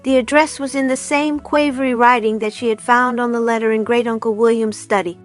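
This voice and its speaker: A woman narrating a storybook aloud in a calm, even storytelling manner. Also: on the high side, fairly quick, faint music behind. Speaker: reader. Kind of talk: audiobook narration.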